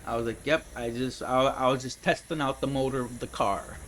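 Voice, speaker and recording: A man's voice: mid-range voice, steady tone, fairly quick, a bit bright, a little hiss or hum, low-quality recording. A young man gaming at home, telling a long rambling story, laughing often and calling people dude and man. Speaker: gaming streamer. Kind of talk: casual storytelling while gaming.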